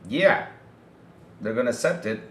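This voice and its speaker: A man's voice: medium pitch, moderate pace, roomy sound. A man hosting a gaming podcast, reading news aloud and reacting with mocking, profane commentary while talking to his chat. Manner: animated, mocking, swears, addresses chat. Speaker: podcast host.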